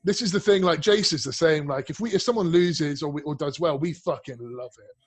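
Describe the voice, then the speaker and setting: A man with a somewhat high voice talks as a guest on a casual podcast. He tells animated, rambling stories, swears freely and restarts his sentences often. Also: a little fast. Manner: rambling, profane, lots of restarts and fillers; animated storyteller. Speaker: guest, bodybuilding prep coach.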